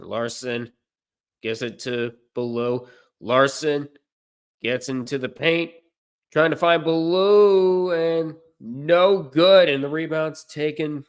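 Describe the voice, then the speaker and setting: A man doing amateur play-by-play commentary on a livestream, unpolished and correcting himself, with deadpan asides. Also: fairly high pitch, slow, smooth.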